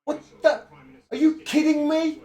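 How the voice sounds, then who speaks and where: A man's voice: very high-pitched, little pitch movement, measured pace, dark tone. A man doing live political commentary in an angry, profane, emphatic rant.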